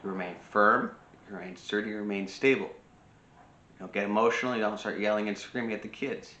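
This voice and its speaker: A man with a fairly low voice and a bright, forceful tone gives earnest life advice straight to his listeners. He lectures in a casual way, repeats points and restarts sentences. The sound is roomy and echoey. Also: steady tone, brisk. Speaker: self-improvement video host. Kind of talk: casual advice monologue to camera.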